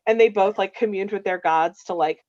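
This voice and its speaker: A woman's voice: medium pitch, moderate pace, darkish tone, no echo, highs cut off. A woman chatting casually on a video call, telling long game stories full of fillers. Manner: rambling, filler-heavy storytelling. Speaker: game master staff member. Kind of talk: casual chat on a livestream.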